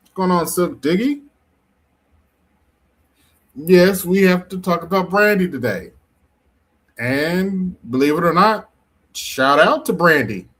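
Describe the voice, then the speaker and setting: Unhurried male livestream host. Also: sits high. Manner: relaxed, unhurried, greeting viewers by name. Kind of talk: casual talk show.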